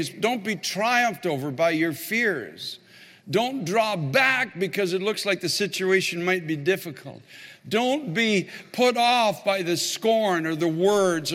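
Male pastor, sermon storytelling, fervent and emphatic, high voice, long hall reverb. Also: a bit bright. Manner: builds to fervent, emphatic preaching.

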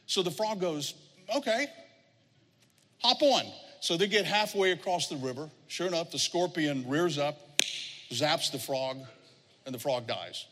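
A man's voice: fairly high pitch, moderate pace, fairly bright tone. A middle-aged man preaching a sermon as pastor, telling stories and acting out the people he quotes. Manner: storytelling, acts out quoted voices. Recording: long hall reverb.

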